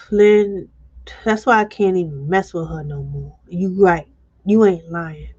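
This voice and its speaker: A woman's voice: on the low side, slow, darkish tone, slightly rough. Blunt woman on a lo-fi live stream. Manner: blunt, emotional, reads chat aloud. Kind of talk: casual live-stream commentary. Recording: dull lo-fi stream audio.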